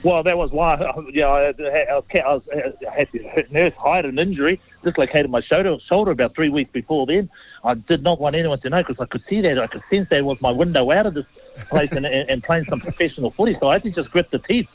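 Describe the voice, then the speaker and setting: His voice a little high and fast, this fifty-something New Zealander, formerly a rugby league player, guests on a casual interview with rambling stories at his own expense. The audio has no room sound, and its highs are cut off.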